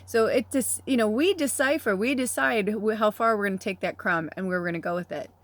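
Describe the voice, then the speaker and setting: A woman's voice: medium pitch, a little fast, no echo. A middle-aged woman chatting casually as a tarot reader and medium, rambling with frequent laughs, casual swearing and moments close to tears. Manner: emotional, near tears. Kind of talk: casual spiritual vlog chat.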